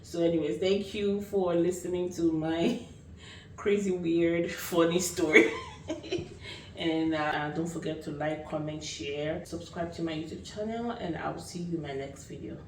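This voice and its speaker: A young adult woman vlogger tells a story in a casual, animated way, full of fillers. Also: on the low side, unhurried, a little hiss or hum. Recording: echoey room, mic at a distance.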